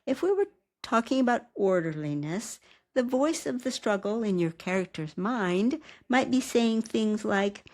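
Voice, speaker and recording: A woman who teaches writing, giving a calm, measured recorded lecture and asking rhetorical questions. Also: fairly high pitch. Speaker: writing instructor.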